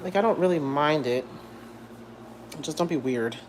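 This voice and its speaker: Blunt, animated young man ranting. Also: a little high, moderate pace, a little hiss or hum. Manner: animated, repetitive, blunt and profane. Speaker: vlogger. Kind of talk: casual vlog rant. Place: home.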